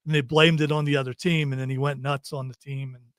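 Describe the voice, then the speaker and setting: A middle-aged man hosting a podcast, chatting playfully about pop culture and firing off quick teasing questions. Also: medium pitch, flat delivery, no echo, clean studio sound. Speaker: podcast host. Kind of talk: casual pop-culture chat. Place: studio.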